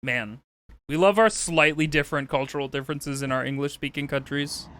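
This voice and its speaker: A man streaming a video game live, chatting, swearing and jumping to excited high squeals. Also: brisk, noisy background. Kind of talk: live gameplay commentary. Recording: game music under the voice. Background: game music.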